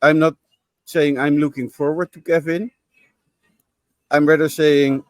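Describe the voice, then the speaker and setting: A man's voice: fairly high pitch, little pitch movement, unhurried, dry recording. A man co-hosting a football podcast, giving frank, opinionated views with some repeated words. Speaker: podcast co-host. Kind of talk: casual football podcast chat.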